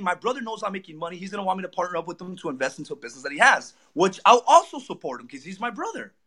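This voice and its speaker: A young man telling a personal story as a guest, excitedly acting out what people said. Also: high voice, slightly rough. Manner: excited, acts out quoted lines. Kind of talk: animated storytelling.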